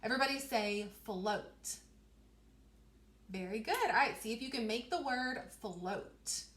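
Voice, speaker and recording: A young woman teaching a reading lesson to young children, slowly stretching out letter sounds and praising them often. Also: on the high side, expressive, fairly bright tone. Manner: encouraging, repeats words for children. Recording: echoey room.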